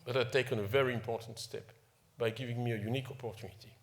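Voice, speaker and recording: Racing along in a gravelly voice of medium pitch and fairly even intonation, a man from Ivory Coast, a first-language French speaker, gives his award speech as a company chief executive. The informal ceremony address is emotional and self-deprecating, full of restarts and repeated words.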